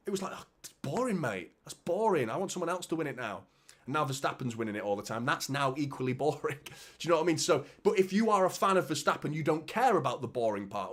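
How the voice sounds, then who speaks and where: Mancunian man, football watchalong host, casual banter, swears, says mate a lot. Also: medium pitch. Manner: chatty, swears, reads out comments, frequent "mate" and "do you know what I mean". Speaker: fan channel host. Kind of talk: live football watchalong chat.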